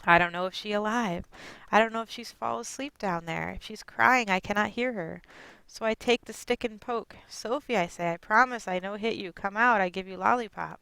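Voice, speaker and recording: A woman's voice: mid-range voice, moderate pace, vocal fry, bright, forceful tone, clear, resonant tone, no echo, low-quality recording. A woman playing a blunt grandmother. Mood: fretful, blunt. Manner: blunt, in broken English. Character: stubborn 68-year-old Chinese immigrant grandmother. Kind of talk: dramatic monologue.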